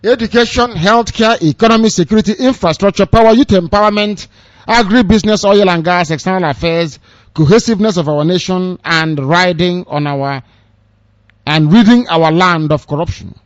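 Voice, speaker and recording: On the radio, a high-voiced man with a Nigerian accent delivers fiery, sarcastic political commentary at normal speed, scolding his listeners. The recording is dry, dull and lo-fi.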